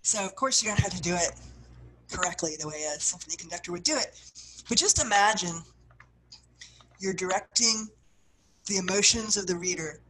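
A woman teaching a writing workshop, guiding her listeners through exercises and acting out the feelings she describes, with phrases that often trail off softly. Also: lowish voice, normal speed, pauses often, slight background noise, low-quality recording. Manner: expressive, acts out what she describes, soft trailing phrases. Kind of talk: guided workshop instruction.

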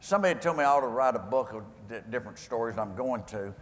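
A man's voice: mid-range voice, animated, fast talker, slight background noise. An older man with a West Texas accent, telling folksy, rambling stories with homespun sayings to a live audience. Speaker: guest speaker. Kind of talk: storytelling talk to a live audience. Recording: echoey hall with faint ambience.

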